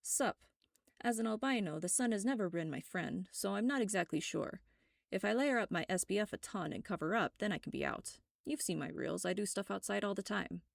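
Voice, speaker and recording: A woman's voice: mid-range voice, expressive, a little fast, vocal fry, dry recording, studio quality. A woman voicing a laid-back young man sending texts, breezy and casual, in a storybook reading.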